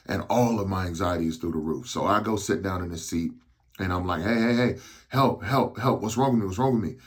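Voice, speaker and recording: A man in his thirties, hosting a podcast, tells a personal story slowly and haltingly because he is on medication, with frequent restarts. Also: low-pitched, slightly rough. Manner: slow, halting delivery with restarts. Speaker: podcast host.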